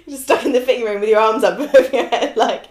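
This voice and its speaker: A woman hosting an interview, laughing easily and making quick joking asides. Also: on the high side. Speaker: podcast host. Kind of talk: casual interview chat. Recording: roomy echo.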